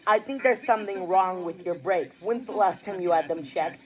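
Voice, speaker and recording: A man voicing a reckless, showy grown-up talking cat in a fan dub, with boastful sales-pitch patter. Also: normal speed, natural voice. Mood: playful. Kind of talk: fan dub of a film scene.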